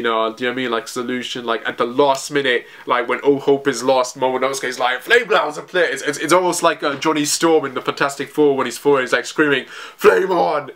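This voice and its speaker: A young man giving an excited, rambling recap of manga chapters, full of fillers and restarts. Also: mid-range voice. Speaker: manga reviewer.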